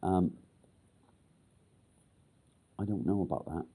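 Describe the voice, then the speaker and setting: A middle-aged man hosting a casual live stream, rambling with many pauses and casual swearing. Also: low voice, mellow, breathy edge. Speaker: livestream host.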